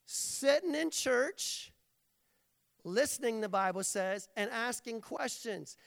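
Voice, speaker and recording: A man's voice: extremely high pitch, lively intonation, slow pace, gravelly, a bit bright. Man, preacher, sermon, playful jokey delivery, long hall reverb.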